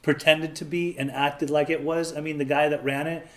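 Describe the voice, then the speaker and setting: Man, 30s, from southern california, interview, candid storytelling, fairly high voice. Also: flat delivery, moderate pace. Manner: candid, plain-spoken, acts out the voices of people he quotes.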